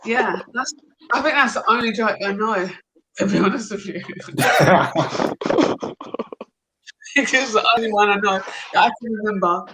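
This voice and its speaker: A woman's voice: mid-range voice, a little slow, long pauses, noisy background. A woman hosting a casual livestream, chatty, rambling and laughing often. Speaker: livestream host.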